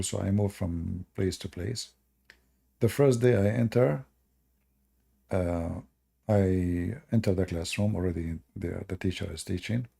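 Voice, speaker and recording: A man casually telling anecdotes as host, chuckling often and phrasing things loosely like a non-native speaker. His voice is gravelly and husky, with a dark, mellow tone. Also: lowish voice.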